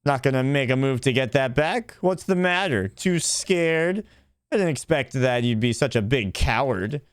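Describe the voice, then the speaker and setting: A man's voice: mid-range voice, animated, moderate pace, clean tone, no echo, studio quality, close to an everyday voice. A man voicing a sneering male bully Pokémon in a game, taunting in a raised voice. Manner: taunting, mocking.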